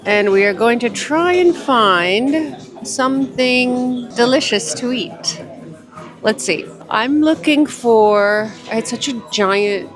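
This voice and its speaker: A woman's voice: fairly high pitch, expressive, slow, music in the background. A young adult woman vlogging to the camera, chatty and effusive, narrating her day while walking through streets and shops. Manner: chatty, effusive, calls viewers darling. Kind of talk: casual vlog narration to camera.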